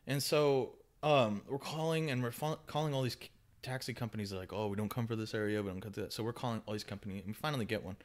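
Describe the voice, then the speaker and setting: A young man hosting a podcast, telling a story in casual chat, animated and swinging between loud bursts and hushed asides. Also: mid-range voice, fast talker. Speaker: podcast host.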